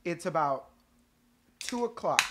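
Animated swearing young man telling stories. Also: a little high, takes it slowly, noisy background. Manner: animated storyteller, swears a lot, acts out quotes. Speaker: podcast co-host, band member. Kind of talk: casual podcast chat.

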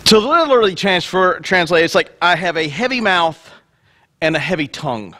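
A male pastor preaching a sermon in a church, lively and joking, acting out the dialogue in voices. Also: high-pitched, moderate pace.

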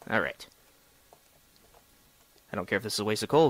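A man's voice: on the low side, animated, moderate pace, no echo. A young man giving solo gameplay commentary, chatty and sarcastic, talking to the objects he digs at. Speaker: gamer.

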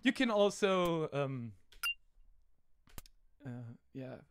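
A man's voice: a little high, very animated, extremely slow, clear, resonant tone. A man with a German accent hosting a casual game commentary, rambling and amused, over an online call mic. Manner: rambling, amused, full of fillers. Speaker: host.

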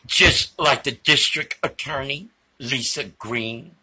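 A man's voice: medium pitch, expressive, takes it slowly, long pauses, bright, forceful tone, husky. A man giving a theatrical, emphatic political monologue. His voice is failing, and he slips Spanish phrases and prayer into it.

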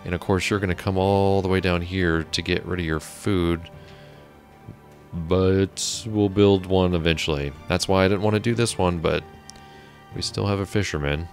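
Male let's-player at a desk mic; deep, creaky, talks to himself and sighs at game characters. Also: steady tone, moderate pace, faint music behind. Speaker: gameplay commentator. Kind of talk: casual let's-play commentary. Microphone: desk mic on a stand.

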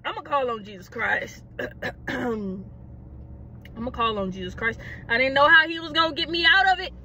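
Brief: young woman, high and bright voice, dramatic, animated storytime delivery. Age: young adult. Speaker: vlogger. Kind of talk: casual storytime.

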